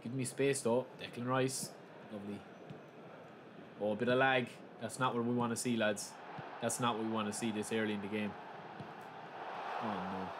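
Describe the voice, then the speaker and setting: A young man hosting a gaming channel, talking casually through a live match and breaking into loud, excited shouts. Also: lowish voice, normal speed, long pauses. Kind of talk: live gameplay commentary. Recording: steady background noise.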